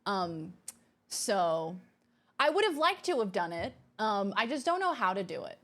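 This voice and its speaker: This livestream host has a mid-range voice that's a bit bright, with big swings in pitch. She chats casually from her home streaming room, reading viewer messages aloud in a bubbly, gushing style that's quick to exclaim.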